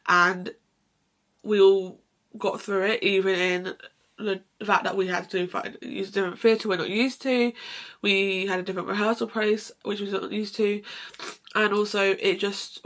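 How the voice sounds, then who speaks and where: A woman's voice: mid-range voice, fairly bright tone. A young woman chatting to camera in a casual vlog, rambling with many restarts and fillers. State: sneezing, slightly emotional. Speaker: lifestyle vlogger.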